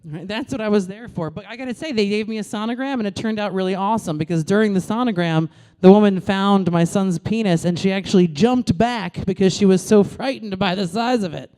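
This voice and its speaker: Fairly quick and hardly pausing, a mid-range female voice rattles through a brash, crude comedy set on a stage mic. She's a thirtysomething comic originally from New York who animates every punchline.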